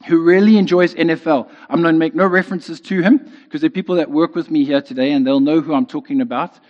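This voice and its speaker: A man's voice: on the high side, steady tone, quick pace. A man preaching a sermon in a conversational way, often checking in with "right?". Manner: conversational, keeps asking "right?". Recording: dull lo-fi sound with long reverb in a hall.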